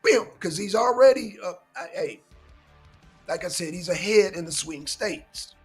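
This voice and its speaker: A man with a husky, fairly high voice holds forth on politics in a casual commentary show. He lectures his audience emphatically and swears often, with faint music running behind him. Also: expressive, unhurried.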